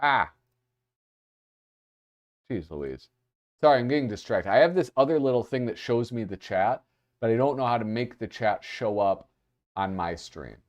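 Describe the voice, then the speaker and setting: A man's voice: medium pitch, expressive, moderate pace, long pauses, muffled recording. A man hosting a livestream, chatting casually as he flips through art. He gets distracted easily and reads out chat comments. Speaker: livestream host.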